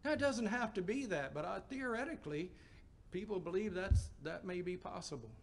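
Gravelly-voiced preacher, folksy sermon. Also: male voice, high-pitched, expressive, a little fast. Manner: folksy, conversational storytelling with emphatic rises.

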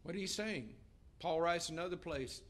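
A man's voice: fairly high pitch, normal speed, a bit bright. A middle-aged man preaching a sermon as pastor, earnest, raising his voice to read scripture aloud.

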